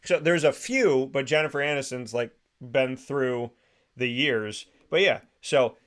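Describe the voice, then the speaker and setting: Male podcast host, lively anecdote teller, mid pitch. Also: measured pace. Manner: animated storyteller, laughs and restarts often. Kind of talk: casual chat.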